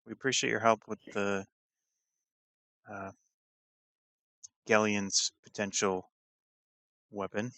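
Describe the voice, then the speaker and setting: A man playing a tabletop game, low-key and a bit hesitant, at times speaking as his character. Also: flat delivery, takes it slowly, pauses often, a bit bright, no room sound. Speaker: player. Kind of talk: casual tabletop chat, some in-character talk.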